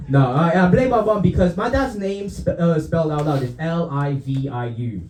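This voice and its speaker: A young stand-up comic from Romania works a club crowd, his voice swinging up and down as he chuckles through his own punchlines. His tone is warm and mellow, and the stage mic picks up the room's echo around him. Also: fairly high pitch, lively intonation, moderate pace, slight background noise. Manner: laughs often at his own jokes, dry asides. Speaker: stand-up comedian. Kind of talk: stand-up routine. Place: comedy club.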